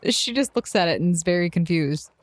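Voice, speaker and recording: Lively young woman playing her character. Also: fairly low pitch, brisk, no room sound. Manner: lively, laughing, animated in character. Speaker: player. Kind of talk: tabletop role-play, narrating her character.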